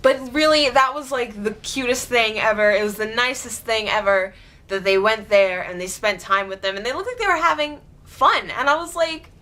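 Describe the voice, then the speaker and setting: A woman vlogging in casual chatty storytelling, giggly, excitable and gushing. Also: fairly high pitch, moderate pace.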